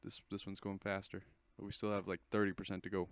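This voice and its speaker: Talking quickly in a low, completely flat delivery, a teenage host narrates a screen recording of an install with no room sound around him. He's chatty and rambling, often stopping to correct himself.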